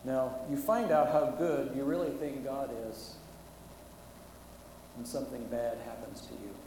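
A man's voice: medium pitch, measured pace, darkish tone, a little hiss or hum. A middle-aged man preaching a sermon as a pastor, telling a story earnestly and holding back his emotion. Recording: echoey hall from far off, faint ambience.

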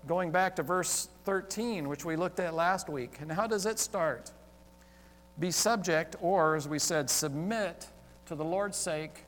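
A male pastor preaching a sermon, talking with the congregation and acting out exclaimed questions in an animated way. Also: high-pitched, in a large hall. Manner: animated, interacts with congregation, acts out quoted exclamations. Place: church sanctuary.

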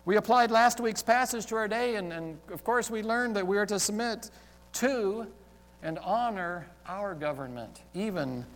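Man preaching, high voice, animated, chats with the congregation, long church reverb. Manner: animated, interacts with congregation, acts out quoted exclamations. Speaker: pastor. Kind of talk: sermon. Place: church sanctuary.

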